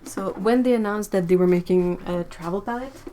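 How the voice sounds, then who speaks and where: A woman hosting a live-streamed art supply unboxing, excitable and chatty, talking to her viewers as she goes. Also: medium pitch, moderate pace, background noise. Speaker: art channel host.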